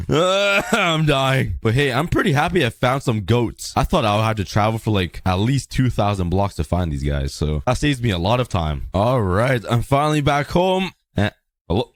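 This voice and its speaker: A young man calls out gameplay commentary with a hoarse, worn-out throat from being sick. His pitch swings wildly as he yelps at the action, and the close mic sounds completely dry. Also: normal speed, no room sound. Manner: excitable, yelps and laughs at the action. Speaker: gaming content creator.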